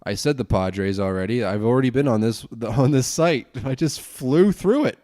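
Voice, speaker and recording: A young man hosting a casual solo podcast, rambling and self-deprecating, grumbling with sudden high exclamations. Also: animated, moderate pace, a little mellow. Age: young adult. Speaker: podcast host.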